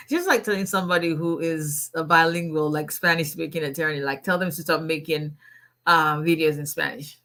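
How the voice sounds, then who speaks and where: Bright-voiced woman greeting viewers. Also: deep voice, lively intonation, moderate pace. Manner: chatty, greets viewers, laughs often. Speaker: immigration attorney hosting a livestream. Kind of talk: casual livestream chat.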